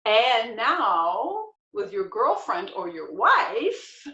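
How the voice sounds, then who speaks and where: A woman's voice: fairly high pitch, big pitch swings, drawn-out words, bright, forceful tone. A woman hosting a casual interview about language, upbeat and encouraging as she asks questions. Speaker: interview host. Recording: dull echoey room.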